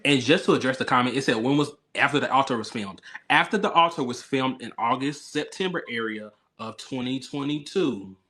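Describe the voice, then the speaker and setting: A man's voice: medium pitch, fairly quick, few pauses, sharp tone. Man, podcast host, casual recap chat, rambling and filler-heavy, video call.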